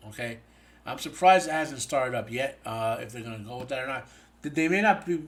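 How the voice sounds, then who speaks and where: A man's voice: mid-range voice, animated, brisk. A tired man hosting a show, giving a casual spoken episode review that rambles with many fillers and restarts. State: tired, yawning.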